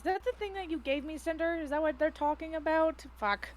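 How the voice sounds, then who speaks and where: A woman player with a somewhat high voice jokes and swears bluntly through a tabletop session. Her talk is casual and quick to react, with faint hiss behind it. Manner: loud, blunt, swears often. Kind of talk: casual, profane banter in a tabletop game.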